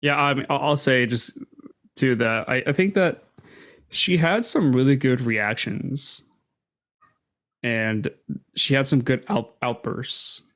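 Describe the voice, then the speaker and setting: A man co-hosting a casual film podcast, giving a measured opinion while thinking it through aloud. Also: medium pitch, fairly bright tone. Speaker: podcast co-host. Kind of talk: casual chat.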